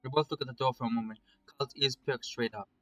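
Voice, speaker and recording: A man reading a visual novel aloud in first-person narration, steady and measured. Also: mid-range voice, dull audio, soft background music. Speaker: story reader.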